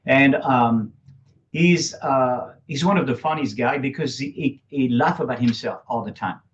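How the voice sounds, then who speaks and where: A man whose first language is French speaks with a French accent as a guest on an interview show, where he's a public speaking coach. His mid-range voice moves at a measured pace; he chuckles often, restarts sentences and bends English grammar, and the recording is a little dull and lo-fi.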